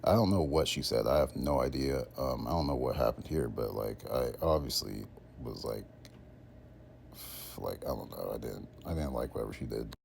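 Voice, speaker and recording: A man's voice: very deep voice, moderate pace, creaky, a little mellow, a little hiss or hum. A man in his twenties casually rambling in a monologue, full of fillers and slang. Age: 20s. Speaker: content creator.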